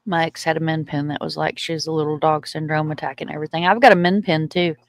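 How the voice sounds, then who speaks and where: A woman's voice: sits low, steady tone, fast talker, no room sound. A woman hosting a livestream, chatting casually and laughing often. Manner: chatty, laughs often, baby-talks her dogs. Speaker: livestream host. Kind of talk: casual chat.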